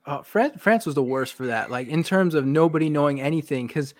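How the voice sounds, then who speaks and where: A man's voice: on the high side, fairly quick, no echo, studio quality. A man chatting casually on a podcast as a fight journalist, telling stories with acted-out quotes and casual swearing. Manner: animated storyteller, acts out quotes, swears casually. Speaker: MMA journalist.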